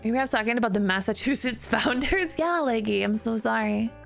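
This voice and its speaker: A woman's voice: a little high, creaky. Giggly chatty woman streamer over music. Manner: chatty, giggly, self-deprecating, quick restarts. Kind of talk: casual chat with stream chat.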